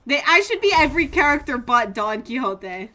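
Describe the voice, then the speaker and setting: A woman's voice: sits high, normal speed. A woman from Germany streaming a video game, chatting and joking playfully, and reading game text aloud. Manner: playful, animated, jokey. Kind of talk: casual gameplay commentary. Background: game music.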